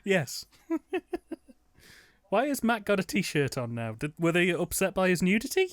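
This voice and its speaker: A man co-hosting a casual film commentary, cracking playful deadpan jokes and laughing a lot. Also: high-pitched, takes it slowly. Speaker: co-host.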